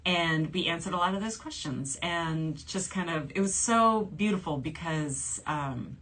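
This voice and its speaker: A woman's voice: deep voice, lively intonation, unhurried, fairly bright tone. A woman in her forties from New Orleans, a shopping channel host chatting casually on a livestream, reading viewer comments aloud and laughing often. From New Orleans, USA. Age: 40s.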